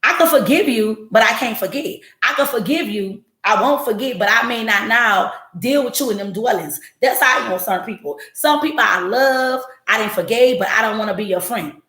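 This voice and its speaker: A woman in her forties hosts a podcast, speaking bluntly and swearing plenty in a casual monologue to a live audience, animatedly slipping into quoted voices. Her voice sits on the high side at normal speed with few pauses, in an echoey room.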